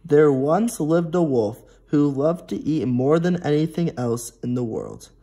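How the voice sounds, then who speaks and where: A teenage boy reading a picture book aloud to preschool children, gently and slowly. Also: on the high side, animated, breathy edge. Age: teens. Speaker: storybook reader.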